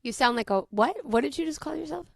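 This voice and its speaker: A woman host leading a group coaching call, gently guiding and reflective. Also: sits high, lively intonation, fast, creaky, no echo, clean studio sound. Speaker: mentor and host.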